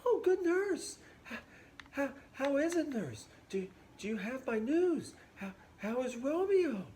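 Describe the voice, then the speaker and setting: Guy putting on a squeaky impatient teen girl voice, whiny valley-girl falsetto, way up high. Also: big pitch swings, slow, a little mellow, a little hiss or hum, exaggerated voice. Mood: sugary.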